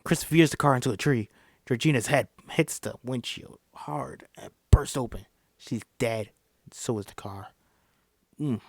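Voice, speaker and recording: A man's voice: medium pitch, a little slow, vocal fry, darkish tone, husky, no room sound. Stumbling man reading a script aloud. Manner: stumbling, self-correcting, apologetic. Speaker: script reader.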